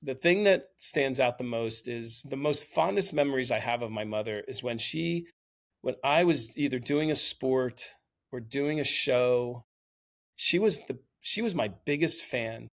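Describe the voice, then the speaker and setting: A man, around his fifties, talking thoughtfully and in a measured way on a podcast. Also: mid-range voice, lively intonation, fairly bright tone. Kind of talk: reflective podcast conversation.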